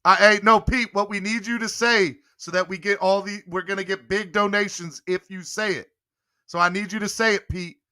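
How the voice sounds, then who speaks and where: Young male podcast host, playful and coaxing, crisp bright tone, slightly high voice. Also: steady tone, moderate pace. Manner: playful, coaxing, laughing often. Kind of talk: casual live-stream chat.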